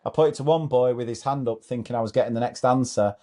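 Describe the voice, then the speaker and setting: A man's voice: mid-range voice, fast, dark tone. A man hosting a comedy show, reading out a thread of teacher anecdotes in a casual, amused way and often breaking into laughter.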